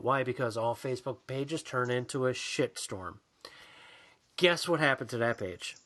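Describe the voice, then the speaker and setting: A man's voice: mid-range voice, unhurried, fairly bright tone. A man co-hosting a podcast in casual, profane chat, ranting and mocking people in put-on voices. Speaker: podcast co-host.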